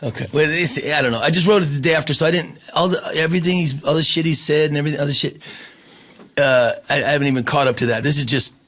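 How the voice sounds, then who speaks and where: Male musician guest, low mumbling voice, swears freely, casual talk. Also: fast, a bit bright. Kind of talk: casual chat.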